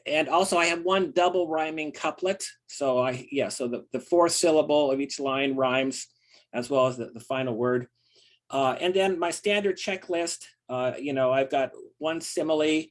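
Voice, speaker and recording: Older American man, fairly high voice, earnest, halting, many fillers. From United States. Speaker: poet. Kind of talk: casual talk about his poem.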